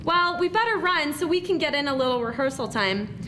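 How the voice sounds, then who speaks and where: A woman's voice: high-pitched, expressive, a little fast, sharp tone, slight background noise. A woman speaking to a school group as a presenter, upbeat and encouraging. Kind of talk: scripted talk to students.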